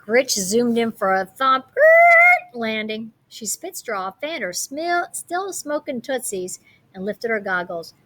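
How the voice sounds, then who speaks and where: A woman reading a picture book aloud, animated, with playful comments on the pictures. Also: a little high, takes it slowly. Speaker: storybook reader.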